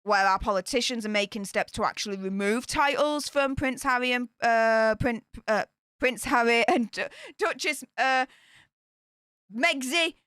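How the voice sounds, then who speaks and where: A British woman giving scornful live-stream commentary in an excitable voice that swings between shrieks and mutters. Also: fairly high pitch, measured pace, clean tone, no room sound, studio quality. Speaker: royal news commentator.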